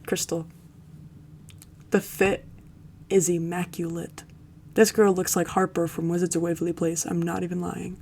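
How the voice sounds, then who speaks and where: A young woman streamer giving casual commentary on a game, with sarcastic, crude, quick-witted remarks. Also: fairly low pitch, little pitch movement, creaky, darkish tone, a little hiss or hum.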